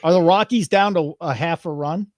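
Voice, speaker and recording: A man's voice: on the high side, moderate pace, no room sound. A man co-hosting a live sports betting show, chatting casually and teasing his co-host while reading chat comments aloud. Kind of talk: casual live-stream banter.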